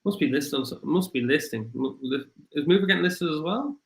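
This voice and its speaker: A man with an Irish accent hosting a casual livestream, rambling and apologetic, his voice getting rough after hours of talking. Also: fairly high pitch, expressive, fairly quick, roomy sound, poor audio. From Ireland. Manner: rambling, apologetic, thinks aloud with many fillers. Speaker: crypto livestream host. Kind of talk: casual livestream chat, reading viewer comments.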